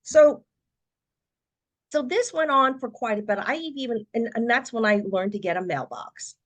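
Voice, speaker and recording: A middle-aged woman, a podcast guest, telling her personal story in a lively way and acting out what other people said. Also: fairly high pitch, normal speed. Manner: animated storyteller who acts out quoted voices.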